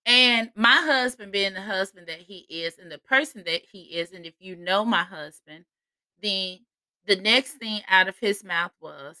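A young woman with a drawl talks through a chatty podcast monologue, laughing often and calling her listeners "y'all." Her delivery is slow and unhurried, and her voice has a bright, forward ring. The recording is dry and close. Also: medium pitch, no room sound. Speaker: podcast host. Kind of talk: casual personal podcast monologue.

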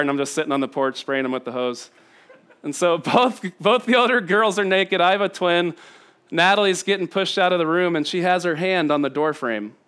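A man's voice: on the high side, fairly bright tone, clear, resonant tone. A man in his thirties from Indiana, preaching a sermon built on family stories, laughing often and talking with many fillers. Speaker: pastor.

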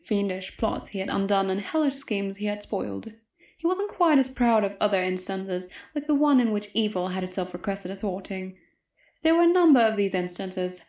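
A woman reads a stretch of narration in a calm, measured voice. The recording has a roomy echo around it. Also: mid-range voice. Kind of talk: scripted narration. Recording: echoey room.

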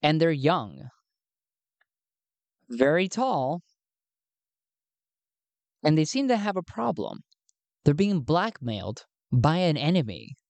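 A woman's voice: sits low, big pitch swings, takes it slowly, long pauses, a little mellow, no echo. A woman narrating a solo tabletop game, thinking aloud as she rolls dice.

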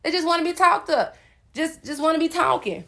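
A woman's voice: very high voice, lively intonation, a little fast, vocal fry, fairly bright tone. A woman hosting a solo podcast, preaching at her listeners with sass and speaking directly to them. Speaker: podcast host.

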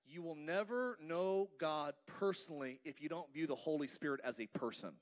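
Man, pastor, high voice, playful, church sermon, calls for responses. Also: moderate pace. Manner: playful, asks the congregation to respond. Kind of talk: lively sermon with jokes.

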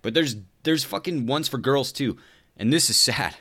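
A man with a medium-pitched, somewhat bright voice speaks at normal speed as he hosts a podcast. It's a profane comedic rant, sarcastic and exasperated, with constant swearing and people addressed as "dude."

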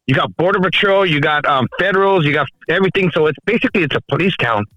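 A man talks quickly on a casual podcast, rambling from one story to the next with lots of restarts and jokes. His voice sits high and bright. The sound is dry and close. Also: no room sound, highs cut off, soft background music. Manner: rambling, joking, many restarts. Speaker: podcast co-host calling in from the road.

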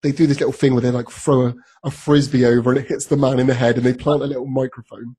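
A man's voice: medium pitch, flat delivery, quick pace, warm tone, breathy edge. A man co-hosting a podcast, chatting casually about a TV episode, with many ums and frequent laughs. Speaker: podcast co-host. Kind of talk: casual chat recapping a TV episode.

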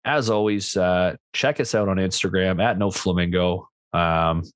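A man's voice: sits low, a little slow, no room sound, clean studio sound. A man hosting a casual hockey podcast, telling stories loosely with plenty of fillers. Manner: laid-back storyteller, lots of fillers. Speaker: podcast host. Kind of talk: casual chat.

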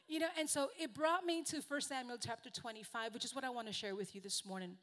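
As a guest preacher, a native Spanish-speaking woman with a high, bright voice delivers a quick-paced sermon. She's earnest and conversational, gently poking fun at herself as she goes.

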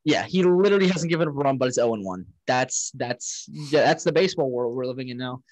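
A man's voice: medium pitch, lively intonation, fast talker, darkish tone, no echo, rough recording. A man co-hosting a casual sports talk show, recapping game stats with frequent restarts. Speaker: podcast co-host.

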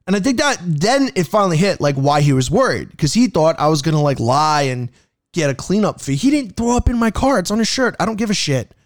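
Animated, high-voiced man telling a story. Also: a little fast, dry recording, clean studio sound. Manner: animated, profane, acts out dialogue. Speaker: rideshare driver. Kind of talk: casual anecdote storytelling.

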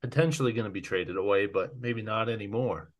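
A man's voice: on the low side, a little fast, crowd noise. A young man co-hosting a sports podcast, announcing draft picks in a playful announcer tone. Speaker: podcast co-host.

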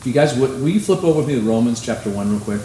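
A man's voice: medium pitch, very fast. Casual preaching man in an echoey church. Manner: conversational, animated preaching with sudden emphasis. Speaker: pastor. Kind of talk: sermon. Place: church sanctuary. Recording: echoey room, faint ambience.

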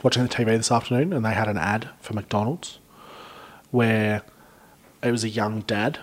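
A young Australian man hosting a podcast, chatting casually and rambling through animated stories. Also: on the low side, moderate pace. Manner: rambling storyteller, animated retellings. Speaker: podcast host. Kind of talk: casual chat.

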